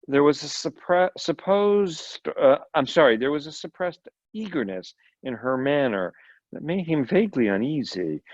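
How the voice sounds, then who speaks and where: A man's voice: on the high side, expressive, measured pace, no room sound. A man, a volunteer reader, reading a short story aloud with occasional slips and brief asides. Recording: dull lo-fi recording.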